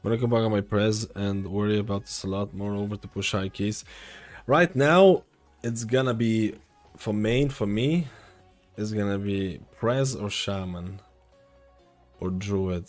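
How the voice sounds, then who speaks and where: Chatting casually on a stream, a young man with a lowish voice takes questions from viewers and wanders through his answers at a measured pace. Faint music can be heard in the background.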